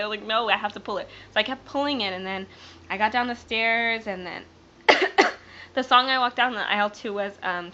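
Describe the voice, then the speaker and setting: A young woman speaks to camera in a bright, sharp voice, near tears as she rambles through a personal story. Her talk is full of fillers, restarts and breaks. The sound is dull and lo-fi, as from a webcam. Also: medium pitch. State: teary, near crying. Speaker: vlogger.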